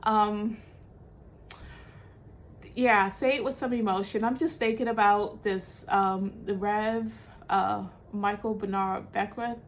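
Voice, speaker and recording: A woman's voice: medium pitch, fairly even intonation, slow. A woman hosting a spiritual guidance talk, explaining in a loose, conversational way with many fillers and self-corrections. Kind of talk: casual teaching monologue.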